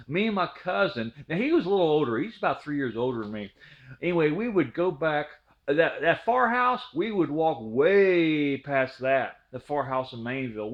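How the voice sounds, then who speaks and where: A man in his fifties from Ohio telling a childhood story in a rambling, folksy way, with many restarts. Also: on the high side. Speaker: storyteller, channel host. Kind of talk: casual spoken storytelling. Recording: dull lo-fi recording.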